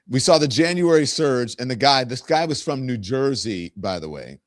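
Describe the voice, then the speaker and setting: A man's voice: mid-range voice, big pitch swings, a little slow, pauses often, dry recording. Sarcastic male talk show host, dry sound. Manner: sarcastic, emphatic. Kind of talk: political commentary.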